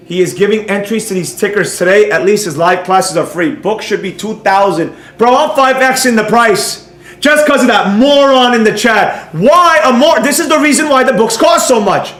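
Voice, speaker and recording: Animated mocking man, high voice, echoey room. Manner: mocking, animated, mock-soothing at times. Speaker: trading instructor. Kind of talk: livestream class banter.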